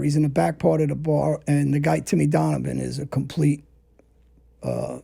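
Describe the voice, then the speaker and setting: Gravelly, husky-voiced man telling blunt stories. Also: a little high, mellow. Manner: blunt, profane, tells events in present tense. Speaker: storyteller guest. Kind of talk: casual storytelling.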